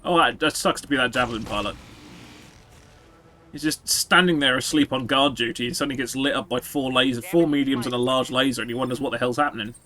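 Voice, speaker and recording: A man's voice: mid-range voice, steady tone, quick pace, bright, forceful tone. A man giving casual, sarcastic commentary while streaming a video game, swearing and joking with his chat.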